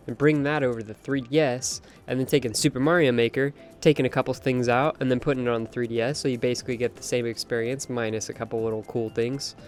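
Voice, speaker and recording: A young man hosting a late-night game stream, chatting casually with an opinionated, talkative manner and reading out chat. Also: medium pitch. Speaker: live-stream host. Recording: faint music behind voice.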